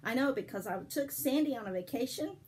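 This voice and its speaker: An older woman with a husky voice, gently telling a story and devotional to her grandchildren. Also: high-pitched, lively intonation, brisk, slight background noise, rough recording. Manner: gentle, affectionate, sings softly. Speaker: storyteller for children.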